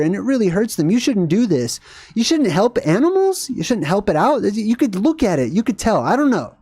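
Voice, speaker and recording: A man hosting a casual livestream, talking in an excitable, rambling way. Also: high-pitched, no echo. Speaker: livestream host.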